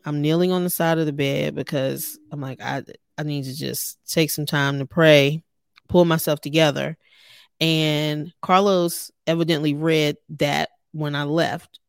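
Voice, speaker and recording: A woman in her thirties shares her faith in an earnest, conversational podcast style and speaks straight to her listeners. Her voice sits low, with a gravelly fry at the edges. The recording is dry and close. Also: dry recording. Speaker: podcast host. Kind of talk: personal faith podcast talk.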